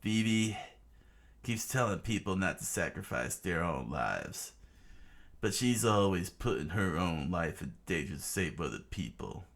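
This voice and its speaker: A man's voice: low voice, expressive, unhurried, fairly bright tone, exaggerated voice. Luffy, a stubborn laid-back hero read by a man. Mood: defiant. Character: stubborn young male hero, loyal.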